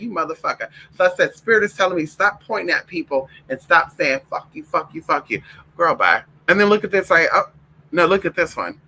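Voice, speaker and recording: A man's voice: high-pitched, bright, forceful tone, slightly rough, low-quality recording. A man talking straight to his viewers, telling stories in a sassy, profane way and calling them girl and y'all. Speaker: vlogger. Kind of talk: casual storytelling to viewers.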